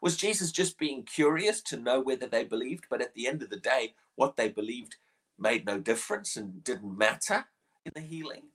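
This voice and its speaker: A man's voice: mid-range voice, animated, moderate pace, fairly bright tone. A man preaching a short morning devotional, earnest and questioning, often repeating words as he presses a point.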